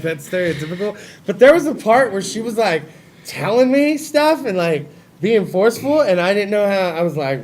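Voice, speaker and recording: High-voiced young man telling crude stories. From California. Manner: crude, swearing, animated storyteller. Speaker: host. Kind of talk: casual storytelling on a talk show.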